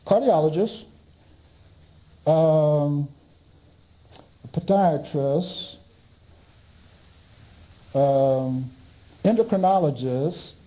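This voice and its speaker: A man with a voice on the high side, captured in a low-quality recording, gives a storytelling talk as a speaker and author. He animatedly acts out his conversations with doctors and often restarts his sentences.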